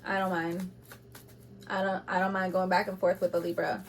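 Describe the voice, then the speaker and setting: A woman giving an intuitive tarot reading to camera, speaking bluntly and with passion, moving between loud urging and quiet asides, with laughs between points. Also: lowish voice, flat delivery, fast talker, a little hiss or hum. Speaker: tarot reader.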